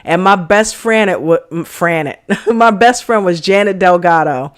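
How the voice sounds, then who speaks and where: A woman's voice: on the low side, moderate pace. Chatty woman from New Jersey. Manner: chatty, rambling, many "you know"s. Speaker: reaction channel co-host. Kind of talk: casual reaction commentary to live chat.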